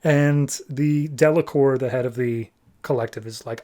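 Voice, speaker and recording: A man's voice: mid-range voice, fairly even intonation, normal speed, dark tone. A man hosting a podcast, recapping a comic book story in a casual, jokey way with plenty of fillers. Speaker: podcast host.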